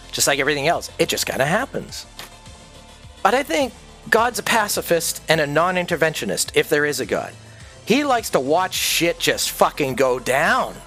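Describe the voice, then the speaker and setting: High-voiced man ranting profanely. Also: fairly bright tone. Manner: profane, intense and rambling. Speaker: streamer. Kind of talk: ranting livestream monologue.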